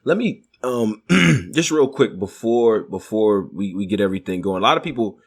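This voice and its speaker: Lively slangy male podcast host. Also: fairly low pitch, moderate pace, husky. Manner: easygoing, slangy. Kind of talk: casual chat.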